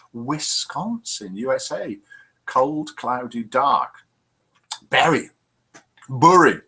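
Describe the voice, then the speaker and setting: Older man, bright husky voice, casual self-mocking live-show host. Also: fairly high pitch. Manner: chatty, self-mocking, reads out comments quickly. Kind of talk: casual live-stream chat reading viewer comments.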